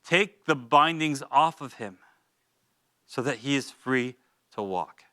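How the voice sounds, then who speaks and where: A man's voice: mid-range voice, lively intonation, slow pace, pushed and bright, no echo, studio quality. A man teaching a Bible study in a church, reading scripture and urging listeners with earnest, informal asides. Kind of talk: expository Bible teaching with exhortation.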